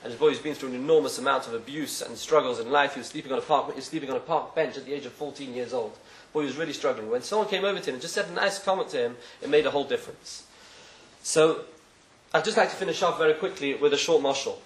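A man's voice: medium pitch, quick pace, reverberant, rough recording. A man telling a parable as part of a sermon, acting out the characters' voices as he goes. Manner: animated storyteller, acts out voices in quotes. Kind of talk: sermon with storytelling.

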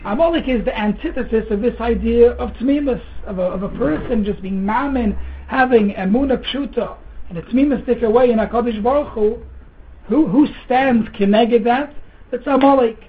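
Guy teaching torah, earnest, stumbles and repeats, clears throat, sounds tinny like a phone. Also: extremely high pitch, normal speed. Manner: earnest, repeats words, mixes Hebrew terms into English, clears throat often. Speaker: rabbi giving a Torah lecture. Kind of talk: sermon.

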